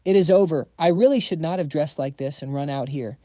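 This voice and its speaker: A man's voice: on the high side, fairly quick, mellow, no echo, close to an everyday voice. A man doing a clownish chubby sidekick. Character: chubby young man, loyal, clownish friend.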